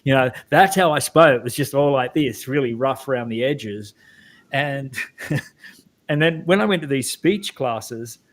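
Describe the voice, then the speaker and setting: Here the voice is medium-pitched, animated and a little slow, belonging to a middle-aged man whose Australian accent is mild and neutralized. Guesting on an interview as a creator of guided meditations, he converses casually in a reflective, hesitant way, frequently starting his sentences over.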